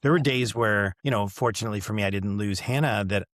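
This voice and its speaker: Middle-aged male podcast host, low voice, loose storytelling full of fillers, dry close recording. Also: fast, fairly bright tone, dry recording. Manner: rambling, full of fillers and quoted dialogue. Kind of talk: casual chat.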